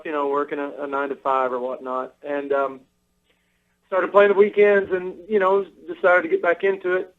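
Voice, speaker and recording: Man, easygoing musician guest, phoning in from home, tinny line. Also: a little high. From Western Kentucky. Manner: easygoing, teasing, halting. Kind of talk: phone interview. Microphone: telephone.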